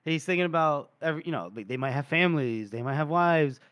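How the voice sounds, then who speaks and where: A man's voice: fairly high pitch, lively intonation, fast, a bit bright, clear, resonant tone. A man co-hosting a podcast, retelling a book chapter in casual, rambling chat full of fillers. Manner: rambling, filler-heavy storytelling. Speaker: podcast co-host.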